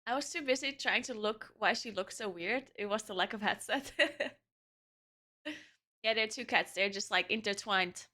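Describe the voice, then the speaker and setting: A woman's voice: medium pitch, normal speed, sharp tone. A woman streaming live from home with her cats, chatting casually with her viewers and laughing often between remarks.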